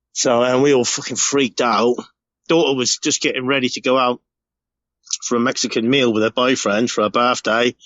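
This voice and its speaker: A man's voice: medium pitch, sharp tone, no echo, highs cut off. Sweary middle-aged man. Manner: rambling, swears freely, emotional storytelling. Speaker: podcast segment contributor. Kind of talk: casual recorded voice message.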